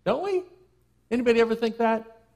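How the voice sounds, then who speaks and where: A man preaching a sermon to a congregation in a conversational way, with playful asides, who slows and softens for key phrases. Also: very high voice, lively intonation, gravelly. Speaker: minister. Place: church sanctuary.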